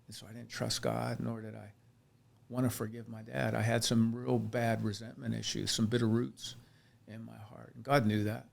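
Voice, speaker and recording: Gravelly man telling his story earnestly. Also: mid-range voice, flat delivery, moderate pace. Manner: earnest, reflective, with frequent restarts. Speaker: chiropractor, podcast guest. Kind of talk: candid personal storytelling in a podcast interview.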